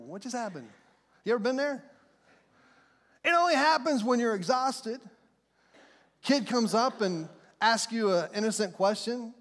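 A pastor's extremely high, fairly bright voice rings through a church sanctuary with a large hall's long reverb. Animated but measured, he leaves long pauses as he preaches fervently and conversationally, often questioning the congregation.

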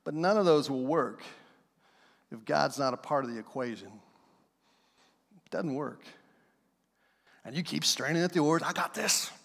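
A male pastor preaching a conversational, animated sermon in a church, acting out the voices of the people he talks about. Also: a little high, a little slow, creaky, long pauses. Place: church sanctuary. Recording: long hall reverb.

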